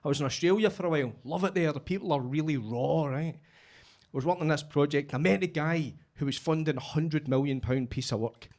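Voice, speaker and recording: A man's voice: on the high side, a little fast, a little mellow. A middle-aged Scottish man doing a stand-up set, telling stories dryly and landing punchy punchlines. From Scotland. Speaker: stand-up comedian.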